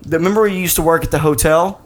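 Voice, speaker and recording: A man's voice: a little high, rapid-fire. A man telling a rambling, profane story in a casual podcast chat, often breaking into laughter. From not from the area, moved to it. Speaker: podcast co-host.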